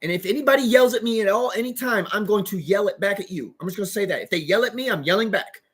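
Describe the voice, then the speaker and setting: Agitated, husky-voiced man ranting fast. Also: high voice, fairly bright tone. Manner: agitated, rambling, swears heavily. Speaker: vlogger. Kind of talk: profane ranting monologue.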